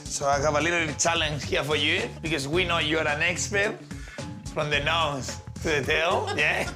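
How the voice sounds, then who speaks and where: A man's voice: fairly high pitch, normal speed, music in the background. A man hosting a cooking segment on TV, chatting playfully with a guest and laughing often. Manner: teasing, laughs often, animated. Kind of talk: playful on-air chat while cooking.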